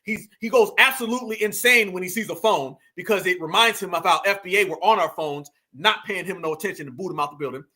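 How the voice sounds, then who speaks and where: A man's voice: high-pitched, quick pace, hardly any pauses, bright, forceful tone. A man hosting a commentary video, preaching his points emphatically and repeating them for effect. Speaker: commentary channel host.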